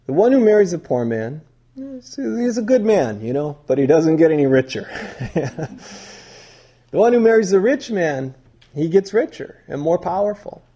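A man teaching in a conversational sermon style, digressive, and pausing to quiz his listeners. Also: sits high, sing-song, dark tone, highs cut off.

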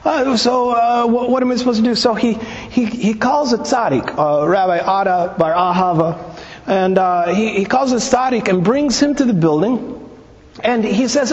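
Male Bible teacher, high-pitched, chatty storytelling delivery, muffled sound with a long hall tail. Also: moderate pace. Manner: conversational, poses rhetorical questions, retells stories. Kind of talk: teaching talk on scripture and Talmud. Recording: long reverb, dull lo-fi sound.

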